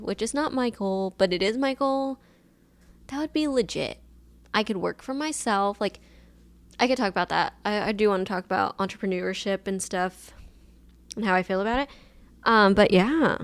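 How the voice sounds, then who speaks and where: A woman's voice: medium pitch, clear, resonant tone, dry recording. A young woman in her twenties hosting a casual solo podcast, telling a personal story in a chatty, emotional way with lots of fillers, recorded on a camera mic. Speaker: podcast host.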